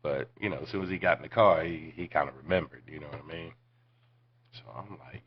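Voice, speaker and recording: Podcast host, man in his 40s, extremely low voice, laid-back and foul-mouthed storyteller, muffled lo-fi sound. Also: lively intonation, fairly quick, a little hiss or hum. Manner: profane, laid-back, drops to near-whispers. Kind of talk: casual storytelling.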